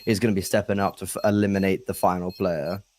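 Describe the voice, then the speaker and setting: A man's voice: low-pitched, little pitch movement, fast, darkish tone. A man doing color commentary on a live esports match, thinking aloud with restarts, with a runny nose. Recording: faint background noise.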